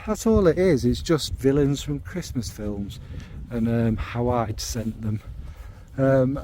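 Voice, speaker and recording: A man's voice: mid-range voice, dark tone, a little hiss or hum. A man chatting casually about fragrances to his viewers, rambling and tossing in lots of fillers and tag questions. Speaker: fragrance reviewer. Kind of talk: casual chat to camera.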